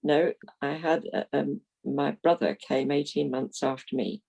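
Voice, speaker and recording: Mulher na casa dos oitenta, de Londres, voz rouca e arenosa, conversa franca e animada com risos frequentes. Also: female voice, low voice, steady tone, unhurried, vocal fry, darkish tone, breathy edge, low-quality recording. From London, England. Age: 80s. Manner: chatty, frank, laughs while telling stories. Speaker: retired minister, interviewee. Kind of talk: reminiscing interview.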